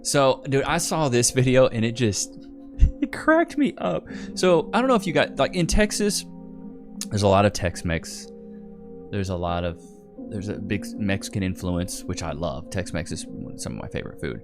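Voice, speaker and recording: A man's voice: fairly low pitch, big pitch swings, moderate pace, over music. A man hosting a reaction video, chatting casually with his chat and laughing often. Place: home studio in Texas.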